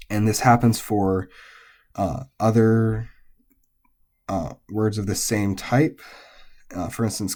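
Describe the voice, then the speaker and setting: A man explaining Japanese pitch accent in a patient, methodical lesson, with frequent fillers. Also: takes it slowly, pauses often, a little mellow. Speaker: language teacher.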